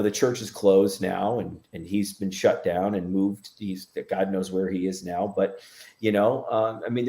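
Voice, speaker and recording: A man's voice: fairly low pitch, darkish tone. A man, a medium guest, telling a story in a casual interview, rambling with many fillers and restarts.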